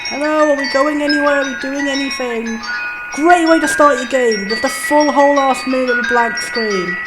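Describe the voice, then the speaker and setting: A woman's voice: sits high, normal speed. A woman hosting a let's play, giving rambling casual commentary full of "like" and restarts. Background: faint game music.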